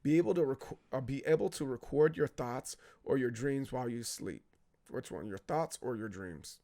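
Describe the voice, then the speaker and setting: A man co-hosting a podcast in casual chat, laid-back and halting, often repeating words. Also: mid-range voice, warm tone. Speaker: podcast co-host.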